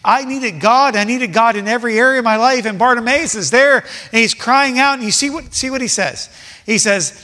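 A man preaching a sermon with passion, repeating his points and swinging between soft and loud. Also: very high voice, normal speed, in a large hall.

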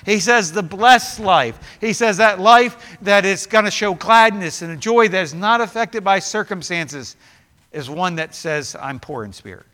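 Man, pastor, high voice, fervent sermon, repeats his phrases, church sanctuary. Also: measured pace, sharp tone, big-room sound. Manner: rising to fervent, emphatic preaching with repeated phrases.

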